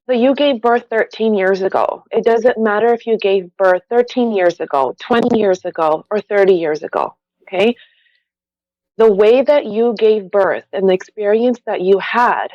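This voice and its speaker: A woman's voice: fairly high pitch, dry recording. An earnest, passionate woman speaking as a podcast guest about her work as a doula. Her voice comes across muffled and dull, recorded dry with no room sound, and she stresses her points with conviction. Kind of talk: podcast conversation.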